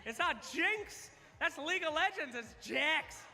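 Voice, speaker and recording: A man hosting a live trivia contest on stage at an esports event, energetic and teasing, calling out to the crowd. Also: very high-pitched, moderate pace. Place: large event hall on stage. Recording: long reverb of a big hall.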